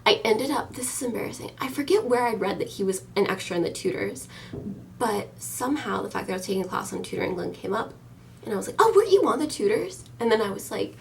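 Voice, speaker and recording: This is a young American woman in her early twenties, talking straight to her camera at home. Her voice sits at a middle pitch with a gravelly edge of vocal fry. She rambles happily, full of ums and likes. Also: fast talker, distant mic, a little hiss or hum. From United States. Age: early 20s. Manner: chatty and enthusiastic, many ums and likes. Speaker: vlogger. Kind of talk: casual chat to camera.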